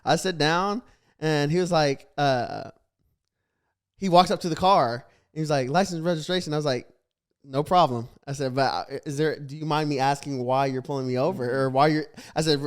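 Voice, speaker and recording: A man's voice: fairly high pitch, smooth. A young man hosting a podcast, casually recounting a story and acting out the back-and-forth. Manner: animated storytelling, acts out quoted exchanges. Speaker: podcast host.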